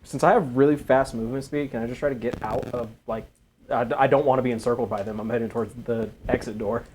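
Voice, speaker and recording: A man playing a tabletop game, talking casually with halting restarts. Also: medium pitch, steady tone, darkish tone, slight background noise, low-quality recording. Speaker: player.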